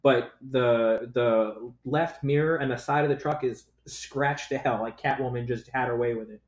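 A man's voice: mid-range voice, moderate pace, echoey room, highs cut off. A young man, a podcast co-host, rambling through a story in casual chat with lots of fillers and swearing.

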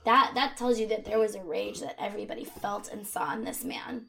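Gravelly woman recounting a true crime case. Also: mid-range voice, expressive, fairly quick, a bit bright. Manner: conversational, with fillers and asides. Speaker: podcast co-host. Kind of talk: true crime podcast narration.

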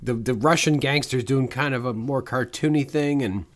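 A man from Canada who co-hosts a movie podcast. He talks in an animated way and slips into comic impressions. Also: medium pitch, moderate pace. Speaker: podcast co-host. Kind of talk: casual movie-review chat.

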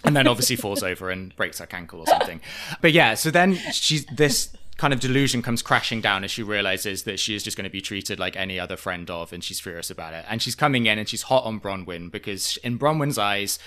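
A man co-hosting a podcast, recapping with animated storytelling in casual chat. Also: fairly low pitch, brisk. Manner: animated storytelling, often acting out quoted voices. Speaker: podcast co-host.

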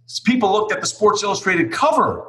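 A man's voice: high voice, big pitch swings, a little fast, a bit bright, roomy sound. A man hosting a casual interview who leads with questions and recaps facts. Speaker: podcast host.

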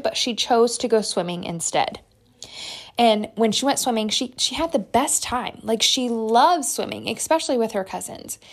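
A middle-aged woman giving an earnest, encouraging motivational talk straight to her listeners. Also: medium pitch. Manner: earnest, encouraging, direct address. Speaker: motivational speaker.

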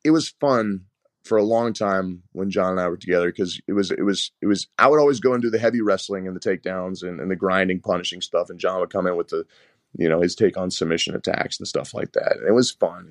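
Man, wrestling coach, gravelly low voice, rambling animated storyteller, dry close sound. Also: no echo. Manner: animated, rambling, repeats words. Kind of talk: casual interview storytelling.

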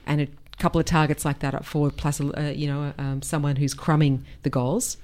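Female co-host, low register, opinionated and upbeat sports talk. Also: level tone, brisk, a little mellow. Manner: opinionated, enthusiastic analysis. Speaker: podcast co-host. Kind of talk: casual sports chat.

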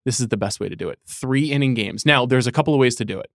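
Man pitching a wild sports take, dry studio sound. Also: fast talker, no room sound. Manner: argues an outlandish take with mock seriousness. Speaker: podcast panelist. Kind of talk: casual sports debate.

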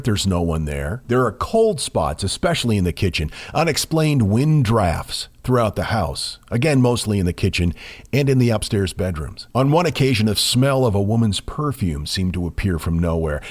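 A man co-hosting a podcast, telling a ghost story in a measured way with dramatic pauses. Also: fairly low pitch. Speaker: podcast co-host.

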